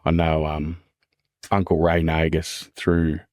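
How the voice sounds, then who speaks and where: Australian man, low voice, earnest, candid, podcast guest, dry close sound. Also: completely flat delivery, slow, darkish tone, dry recording. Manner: earnest, repeats phrases, calls listener man and mate. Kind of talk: candid casual conversation.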